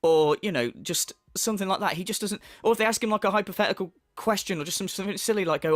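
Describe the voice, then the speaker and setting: A man's voice: sits high, quick pace, few pauses, no room sound, studio quality. A man ranting in a mocking, profane reaction commentary. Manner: mocking, sweary rant.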